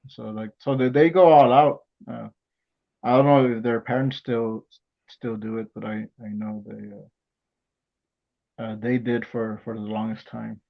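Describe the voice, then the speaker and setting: A man hosting a podcast, chatting casually and recounting things in a halting way with many pauses and restarts. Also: mid-range voice, steady tone, creaky. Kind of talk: casual chat. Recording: dull lo-fi sound.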